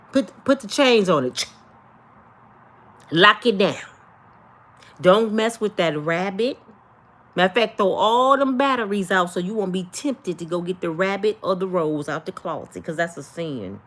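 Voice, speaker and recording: An older woman, hosting a casual livestream and talking to her viewers with animated, preachy energy. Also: medium pitch, measured pace. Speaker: livestream host.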